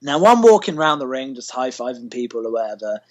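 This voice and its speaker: A man's voice: medium pitch, sing-song, fast talker. A British man being interviewed as a wrestler, telling stories in a rambling, casual way full of fillers. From Britain.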